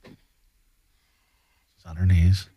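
A man's voice: low voice, flat delivery, extremely slow, mellow, husky. A man co-hosting and commenting in casual joking chat, often stammering and repeating himself. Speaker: co-host commenting on a live demonstration.

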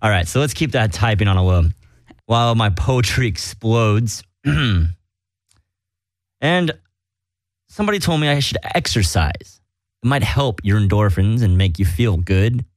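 A man's voice: fairly low pitch, expressive, normal speed, pauses often, no echo. A man hosting a casual comedic podcast from a small studio, rambling and self-mocking. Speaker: podcast host. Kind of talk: casual comedic radio chat.

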